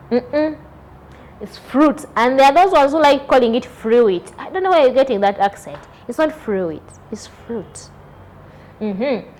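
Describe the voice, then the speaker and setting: Woman, primary teacher, high and animated, quizzing young kids, spells words aloud. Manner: questioning, repeats and spells words out. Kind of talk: children's lesson.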